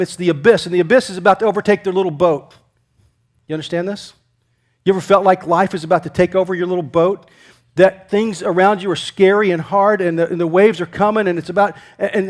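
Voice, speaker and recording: Male pastor, high voice, conversational sermon, loud emphasis then quiet asides. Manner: conversational preaching, asks the congregation questions; swings between loud emphatic lines and quiet near-whispers.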